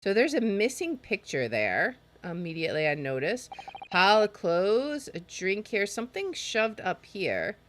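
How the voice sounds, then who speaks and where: A woman's voice: mid-range voice, very animated, measured pace, fairly bright tone, slight background noise. A woman hosting a let's play, chatting expressively as she plays a game. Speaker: gaming streamer.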